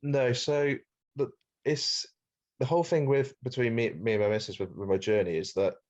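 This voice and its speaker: A Welsh man talking as a podcast guest in casual chat, with a fairly monotone delivery and frequent "mate.". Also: mid-range voice, moderate pace. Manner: self-described monotone, chatty, says "mate" often. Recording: dull lo-fi sound.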